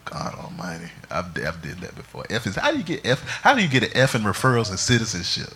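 A man pastor preaching a sermon in an animated, humorous storytelling manner. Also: lowish voice, quick pace.

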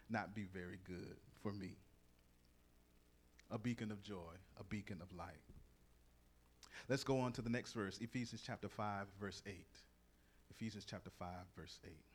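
A middle-aged man preaching a sermon in a lively, conversational way, reading verses and telling stories. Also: fairly low pitch, slight background noise. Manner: lively, conversational, acts out quoted voices.

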